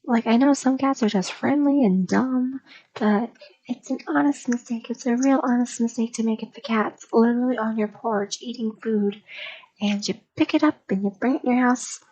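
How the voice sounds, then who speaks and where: A woman streamer rambles and gossips in a loose ASMR chat, her voice a little high and mellow. She meanders through her story with plenty of filler words. The audio is dull and lo-fi, as if from a desk mic on an old stream. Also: moderate pace, husky.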